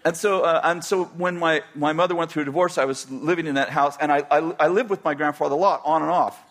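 A man's voice: fairly high pitch, steady tone, quick pace, fairly bright tone. An older man from California telling a personal story in a rambling way, with many restarts and chuckles. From California, USA.

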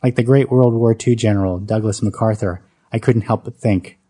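Male author reading his memoir aloud, deadpan humor, warm low voice. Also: normal speed, slightly rough. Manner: dry comic storytelling. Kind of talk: reading an autobiographical story aloud.

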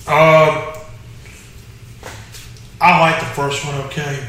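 A man's voice: on the high side, fairly even intonation, sharp tone. Chatty man in an echoey room. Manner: halting, many fillers and restarts. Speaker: podcast co-host. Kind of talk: casual chat. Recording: echoey room, mic far off.

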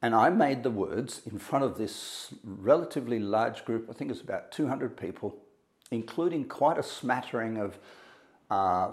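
A man giving a motivational talk, telling a story with dramatic pauses and acting out quotes. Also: on the low side. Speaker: motivational speaker.

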